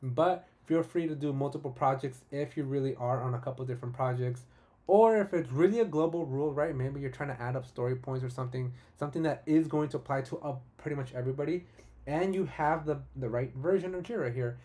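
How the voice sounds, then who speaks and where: A man hosting a live-streamed software tutorial, talking casually and enthusiastically, often adding "right?" and restarting his sentences. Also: medium pitch, a little fast. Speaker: tutorial host.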